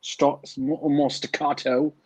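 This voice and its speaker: A man's voice: on the high side, little pitch movement, moderate pace, a little mellow, no room sound, low-quality recording. A man co-hosting a late-night stream, chatting casually and rambling about guests and accents. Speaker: co-host.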